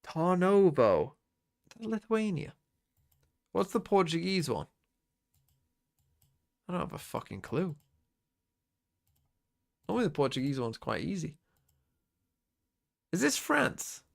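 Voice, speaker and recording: A man with a gravelly, slow drawl talks himself through a guessing game, swearing often. His pitch swings widely from word to word. The speech is casual and unscripted. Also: very animated. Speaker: streamer. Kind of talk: casual muttering while playing a quiz game.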